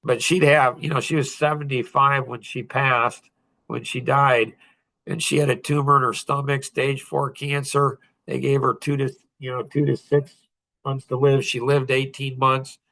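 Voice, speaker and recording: Podcast host, man, 60s, blunt and preachy, bright voice. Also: mid-range voice, flat delivery, moderate pace, vocal fry. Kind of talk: casual podcast talk.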